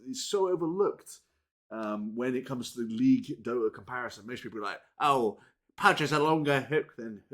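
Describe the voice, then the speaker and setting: Rambling casual male gaming vlogger. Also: medium pitch. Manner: rambling, with frequent restarts and casual swearing; talks straight to viewers, swinging between loud and muttered. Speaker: gaming channel host. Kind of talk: casual unscripted chat to camera.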